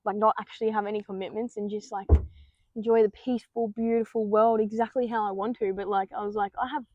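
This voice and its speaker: A woman's voice: medium pitch, steady tone, fast talker, no room sound, dull audio. A young woman hosting a podcast, telling a personal story in casual monologue, swearing freely and acting out her own panicked thoughts. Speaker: podcast host.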